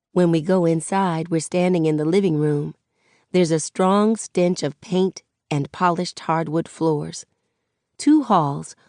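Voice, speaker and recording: A woman narrating an audiobook in the first person, with relaxed, conversational storytelling. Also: lowish voice, dry recording, studio quality.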